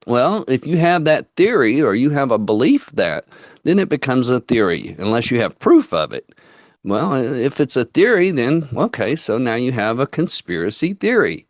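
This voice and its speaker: Folksy male host, mid-pitched, close dry sound, loose storytelling chat. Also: no echo. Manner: folksy storyteller, quotes people in dialogue. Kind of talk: casual online chat.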